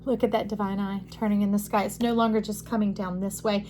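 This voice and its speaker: Tarot-reading woman, emphatic and declaring, mid-pitched, light room hiss. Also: little pitch movement, fast talker, a little mellow. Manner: emphatic, declaring, addresses listener as friend and y'all. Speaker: tarot reader.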